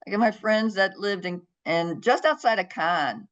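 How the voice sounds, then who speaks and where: A woman's voice: mid-range voice, lively intonation, unhurried. A middle-aged woman, a podcast guest, telling a story in an interview and acting out the voices of the people in it. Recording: dull lo-fi sound.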